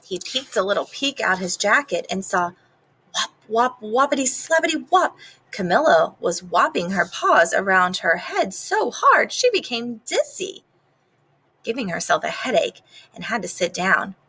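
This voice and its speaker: A woman teacher reading a picture book aloud to her class, expressive, pausing to ask the children questions. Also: mid-range voice, slightly rough, poor audio.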